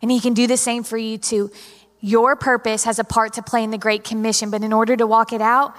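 A young woman preaches from the stage of a large church, her fairly high voice carrying a long hall reverb. She tells personal stories with a dramatic, animated flair and speaks straight to the congregation. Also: fairly quick. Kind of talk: sermon.

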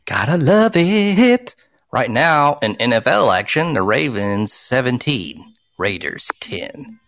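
Dude on a sports podcast, cussing and ranting, fired up. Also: male voice, mid-range voice, animated, unhurried, sharp tone, no echo. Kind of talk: casual sports chat.

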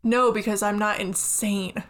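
A woman's voice: mid-range voice, steady tone, a little slow, a bit bright, a little hiss or hum. A young woman co-hosting a podcast, chatting casually, giggly and frank. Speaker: podcast co-host. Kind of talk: casual chat.

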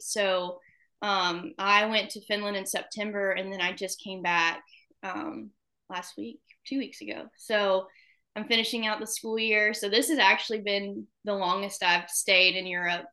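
Here the young Alabama woman's medium-pitched voice is pushed and bright, with fairly even intonation and a measured pace. As a hockey wife guesting on a podcast, she keeps the interview casual, laughing often in her Southern accent.

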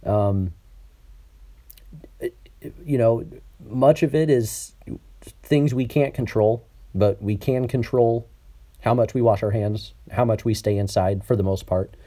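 The male podcast host here talks a little slowly with long pauses, his medium-pitched voice warm and slightly nasal over a Skype connection. He's casual and chatty, with many ums and restarts.

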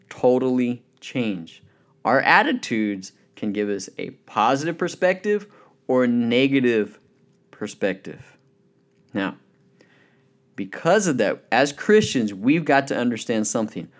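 Man, preacher, sermon, mid-pitched, storytelling, emphatic, slows on key lines.

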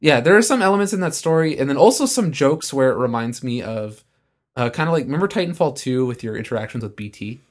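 A man's voice: mid-range voice, animated, fast talker. A man co-hosting a podcast, chatting loosely about a film he just saw, with lots of fillers. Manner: loose, filler-heavy movie talk. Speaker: podcast co-host. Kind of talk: casual chat.

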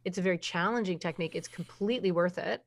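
A woman's voice: fairly low pitch, fast. A middle-aged woman, a parenting expert, explains her approach in a conversational interview. She talks emphatically, asks rhetorical questions and now and then acts out quoted voices.

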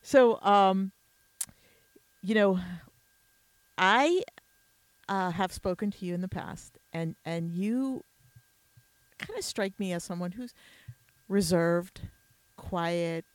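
A woman's voice: medium pitch, takes it slowly, pauses often, dry recording. A woman hosting a podcast interview, chatty and casual, with many fillers and restarts. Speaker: podcast host.

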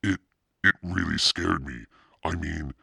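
A terrified young boy, as a man plays him begs and stammers in panic. His voice jumps well above the narrator's deep tone and comes out loud and shaky. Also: takes it slowly, gravelly, breathy edge, no room sound, studio quality, exaggerated voice. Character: frightened young boy in bug costume.

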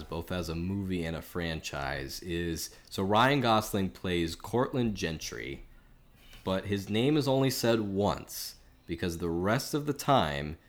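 A man co-hosting a film podcast, talking through his opinions in a chatty, measured way with lots of filler words. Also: low voice. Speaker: podcast co-host. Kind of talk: casual film review chat.

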